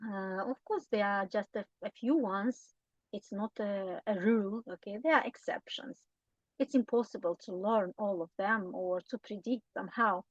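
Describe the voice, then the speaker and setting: A woman's voice: mid-range voice, normal speed, dry recording, lo-fi sound. A woman with a Romanian accent teaching a grammar lesson, explaining patiently and often checking in with short tag questions. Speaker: language teacher.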